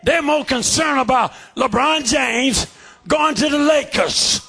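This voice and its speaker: A man preaching a fervent revival sermon in a church, shouting in a steady preacherly cadence. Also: very high-pitched, slow, gravelly. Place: church sanctuary.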